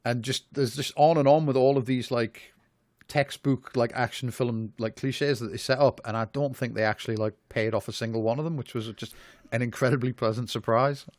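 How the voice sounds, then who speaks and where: A man's voice: medium pitch, fairly even intonation, brisk, no room sound. A man co-hosting a podcast, reviewing a film in rambling, amused casual chat full of fillers. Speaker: podcast co-host.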